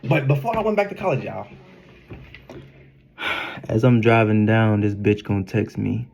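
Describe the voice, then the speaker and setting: A young man telling a casual storytime in an animated, slangy way, laughing often. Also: fairly low pitch, moderate pace, vocal fry. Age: young adult. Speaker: vlogger.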